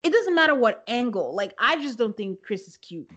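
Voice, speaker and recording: A young woman co-hosting a podcast, recapping a reality show in a casual, animated way and acting out quotes with laughs. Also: fairly high pitch, moderate pace, highs cut off. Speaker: podcast co-host.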